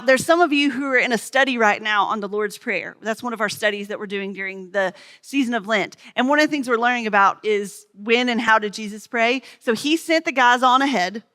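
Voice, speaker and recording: This woman's voice is fairly high, brisk, pushed, and bright. A pastor from the Smoky Mountains, USA, she gives a conversational, story-filled sermon and chats with children.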